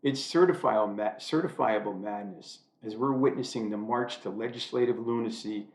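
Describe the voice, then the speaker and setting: A man's voice: on the low side, moderate pace, a little mellow. An older man from the United States giving a wry, self-deprecating monologue to camera from a room at home. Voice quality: dry, self-deprecating humor. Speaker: vlogger. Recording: echoey room.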